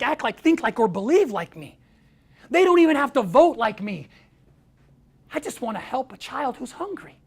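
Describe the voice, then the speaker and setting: An American man giving an inspirational talk, with a gravelly edge in his voice. He tells stories and acts out the lines of the people in them. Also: very high-pitched. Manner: storytelling, acts out quoted voices. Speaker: speaker.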